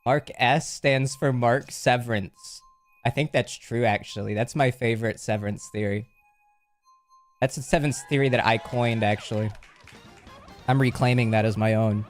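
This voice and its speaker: A man's voice: medium pitch, steady tone, moderate pace, faint music behind. A man livestreaming casually, rambling and joking while he reads chat aloud and thanks subscribers.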